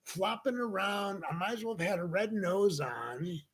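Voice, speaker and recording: A podcast host with a high-sitting, breathy voice speaks at a moderate pace in a casual storytelling chat. He spins a long anecdote, acting out the people in it.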